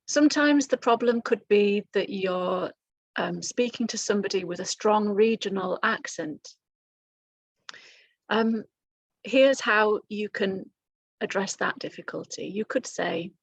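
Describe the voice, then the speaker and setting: A woman teaching English directly to the camera, speaking clearly and encouragingly and acting out example phrases for learners. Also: mid-range voice, slow pace, long pauses.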